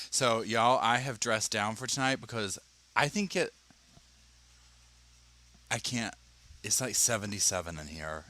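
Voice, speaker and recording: A man's voice: mid-range voice, bright, forceful tone. A man hosting a casual livestream podcast, chatty and upbeat, addressing viewers as y'all. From North Carolina, US. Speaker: podcast host.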